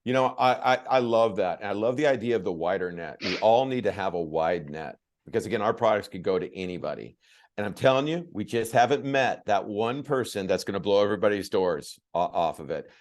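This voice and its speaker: A man leading a coaching call, telling stories with energetic emphasis and repetition. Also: lowish voice, fairly quick.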